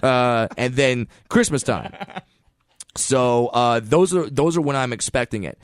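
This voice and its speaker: Recorded in a clean studio with no echo, a man with a clear, medium-pitched voice tells comic stories at a measured pace. He performs the quoted characters with animated impressions.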